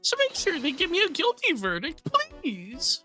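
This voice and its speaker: A woman's voice: extremely high pitch, huge pitch swings, a little slow, bright, forceful tone, soft background music, voice pushed up, heavily acted. A woman voicing a jittery young man who keeps insisting he is guilty, stammering as she reads game lines aloud. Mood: insistent. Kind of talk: reading game dialogue aloud.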